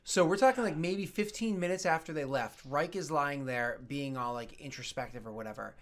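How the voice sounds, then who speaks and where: A man's voice: a little high, brisk. A man narrating as game master in a tabletop game, in a casual, filler-heavy way.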